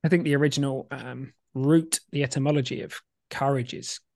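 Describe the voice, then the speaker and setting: A man hosting a casual podcast, chatty and rambling, quick to laugh at himself. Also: mid-range voice, steady tone, gravelly, mellow. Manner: chatty, rambling, self-deprecating, laughs easily. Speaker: podcast host.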